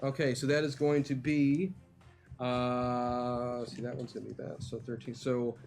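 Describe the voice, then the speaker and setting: A man runs a live tabletop game, narrating the action in an easygoing, unhurried way. His voice sits in an ordinary middle register. Music plays clearly in the background. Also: medium pitch, level tone, a little mellow. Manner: easygoing, laid-back narration with fillers. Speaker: game master.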